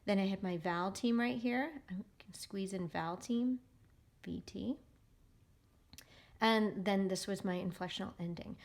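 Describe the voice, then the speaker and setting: A woman teacher giving a phonics lesson to young children, slowly and carefully sounding out words. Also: mid-range voice. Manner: slow, careful modeling of sounds.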